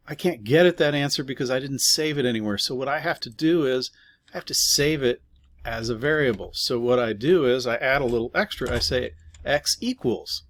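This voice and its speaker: A man with a mid-range, slightly bright voice walks through a casual screen-recorded coding lesson step by step, typing as he goes. He uses fillers and tosses in offhand asides, and the recording is dry.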